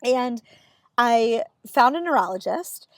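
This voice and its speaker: A woman in her thirties tells stories straight to camera with a candid, exasperated edge, slipping into the voices of the people she quotes. Her voice sits a little high. The sound is close and dry, with no room around it. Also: lively intonation, slow, no room sound. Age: 30s. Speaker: comedian telling stories. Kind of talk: casual storytelling to camera.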